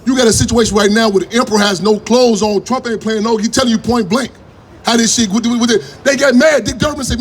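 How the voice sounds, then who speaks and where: A man's voice: very high-pitched, fast talker, slightly rough. A man giving a fiery, profane political talk to a crowd, telling rambling stories that draw call-and-response. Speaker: activist speaker.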